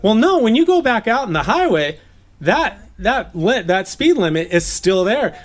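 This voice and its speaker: Higher-pitched man preaching casually. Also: very animated, moderate pace. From Southern California. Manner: chatty, laughs often, slips into playful voices. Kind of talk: casual sermon teaching. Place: gathering.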